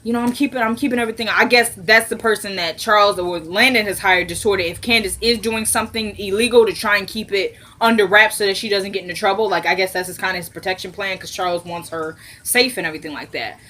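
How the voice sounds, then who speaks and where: Woman doing a tv episode recap, super animated, acts out everybody's lines, laughs a lot, then goes low and quiet for side comments. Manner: animated, laughs and squeals when amused; acts out characters' lines in quick voices. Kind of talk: casual recap chat to viewers.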